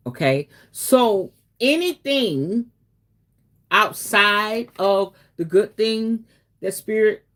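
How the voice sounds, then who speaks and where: A woman hosting a casual spiritual talk, chatty and preachy, often calling listeners baby and checking in with okay. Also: medium pitch. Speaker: spiritual reader and host.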